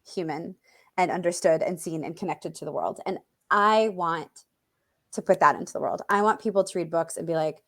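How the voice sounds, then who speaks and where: A woman's voice: fairly low pitch, normal speed, a bit bright. A woman co-hosting a podcast in casual chat, candid and swearing freely. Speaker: podcast co-host.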